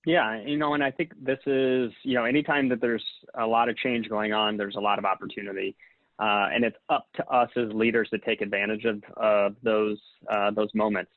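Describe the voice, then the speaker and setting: A man's voice: fairly low pitch, level tone, moderate pace, no echo. A man on a video-call panel, sharing thoughts on leadership in a casual, thoughtful way. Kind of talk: panel webinar talk. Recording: tinny dry phone-like call audio.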